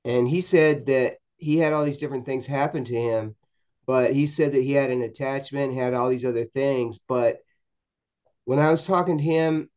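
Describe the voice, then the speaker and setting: Mellow-voiced man telling a story. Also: medium pitch, steady tone, highs cut off. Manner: halting, with frequent repeated words and restarts. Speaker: podcast guest, paranormal investigator. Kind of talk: storytelling anecdote in a podcast interview.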